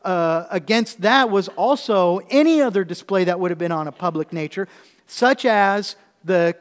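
A man's voice: high voice, moderate pace, clear, resonant tone. A male preacher giving a sermon, explaining scripture with humorous asides and rhetorical questions. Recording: echoey hall.

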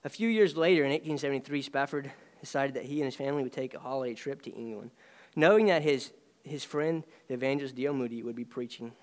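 A man's voice: medium pitch, fast. Earnest male preacher in a reverberant hall. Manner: earnest, rising and dropping emphasis. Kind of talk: sermon.

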